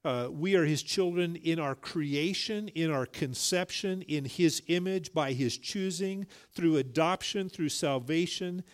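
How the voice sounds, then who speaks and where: A man's voice: a little high, a little slow, hardly any pauses. Folksy, emphatic man preaching a sermon. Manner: folksy storytelling, emphatic and rising on key points. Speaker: pastor.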